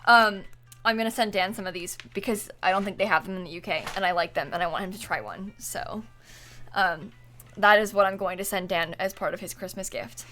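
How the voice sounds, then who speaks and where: A woman's voice: mid-range voice, brisk, pushed and bright, soft background music. A young woman streaming a game, chatting casually, giggling often and pleading with the game. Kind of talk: casual live-stream chat while gaming.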